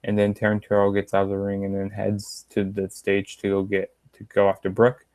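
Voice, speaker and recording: A man's voice: fairly low pitch, monotone, brisk, darkish tone, no echo. A young man casually reviewing a wrestling show, rambling with many fillers and retelling lines in a slightly raised voice.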